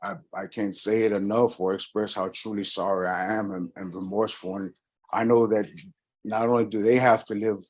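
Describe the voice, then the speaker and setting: A man speaking as a defendant in a courtroom, talking quietly and hesitantly, almost whispering, with repeated restarts. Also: on the low side, fairly even intonation, moderate pace, rough recording. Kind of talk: courtroom statement of remorse.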